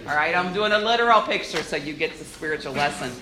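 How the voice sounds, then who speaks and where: A woman's voice: deep voice, quick pace, a crowd in the background. A woman giving a church youth-group talk, acting out little voices as she goes. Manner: animated, acts out little voices. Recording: echoey room.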